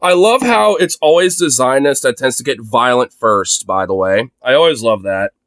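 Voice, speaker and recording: A man's voice: medium pitch, animated, moderate pace, fairly bright tone, dry recording. A young man streaming live from his phone, ranting sarcastically and profanely through his commentary. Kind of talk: livestream commentary rant.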